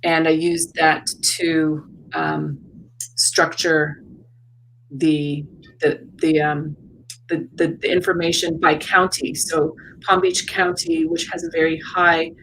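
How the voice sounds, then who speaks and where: A woman who is an artist and educator, talking as an interview guest in a reflective, searching way with many pauses and repeats. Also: low-pitched, very animated, fairly bright tone, slight background noise, rough recording. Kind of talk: casual interview talk. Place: South Florida.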